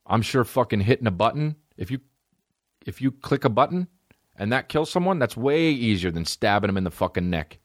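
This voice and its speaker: A man's voice: fairly quick, no room sound. Profane rambling man, dry mic. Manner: profane, rambling, animated swings in pitch. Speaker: podcast host. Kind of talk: solo podcast rant.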